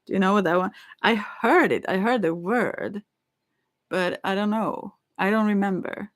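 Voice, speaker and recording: A woman's voice: mid-range voice, moderate pace. A woman rambling in a casual monologue, musing dreamily, giggling and stammering with frequent restarts.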